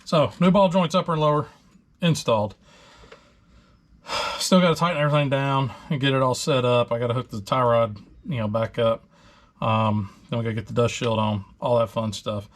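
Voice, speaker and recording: A man's voice: mid-range voice, moderate pace. Chatty man wrenching in a garage. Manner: relaxed, chatty, talking while wrenching with many fillers. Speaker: host of a truck repair channel. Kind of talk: casual workshop talk-through.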